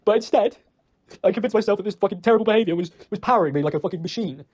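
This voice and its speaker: A man's voice: high-pitched, rapid-fire, darkish tone. A young British man in a recorded personal voice message, rambling and reproaching himself, emotional and choked up, swearing often. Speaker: ex-boyfriend leaving an apology message.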